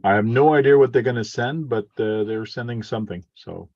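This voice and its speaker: A man's voice: mid-range voice, a little fast, a little mellow, no echo. A man chatting casually with a friend on a livestream, laid-back and brief in his replies. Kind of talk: casual chat. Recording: dull, dry lo-fi audio.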